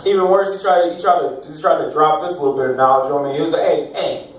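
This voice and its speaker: A young stand-up comic rambles through a profane, self-mocking set, his voice pitched fairly high. He sounds set back from the mic in a very echoey club with faint noise underneath. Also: racing, recorded from a distance. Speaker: stand-up comedian. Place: comedy club stage.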